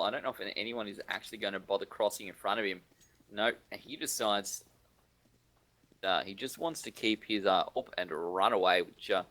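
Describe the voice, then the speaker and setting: Bright-voiced teasing male caster. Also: on the low side. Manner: teasing, excitable banter. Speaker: esports caster. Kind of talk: live game commentary.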